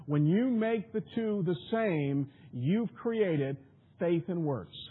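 A man's voice: sits high, animated, takes it slowly, narrow, tinny audio, a little hiss or hum. A man preaching a sermon with emphatic delivery and frequent rhetorical questions.

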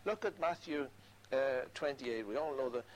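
A man's voice: mid-range voice, lively intonation, normal speed, slight background noise, low-quality recording. A man preaching a sermon, earnestly quoting scripture and repeating key phrases for emphasis.

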